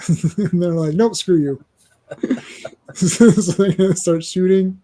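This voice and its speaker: A man hosting a casual comic book chat, animated and quick to act out dialogue in silly voices. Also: high voice, slight background noise. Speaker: podcast host.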